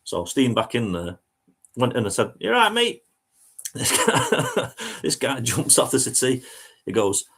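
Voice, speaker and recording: A man's voice: mid-range voice, expressive, unhurried, fairly bright tone, slightly rough. A man, a touring musician telling a story in a chatty, self-mocking way and laughing as he goes. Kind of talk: casual storytelling anecdote.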